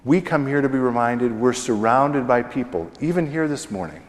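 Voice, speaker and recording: A middle-aged man preaching a sermon as pastor, slow and deliberate, pausing often and letting his phrases fall away at the ends. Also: medium pitch, lively intonation. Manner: slow, deliberate preaching with pauses and falling endings. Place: church sanctuary. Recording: long church reverb.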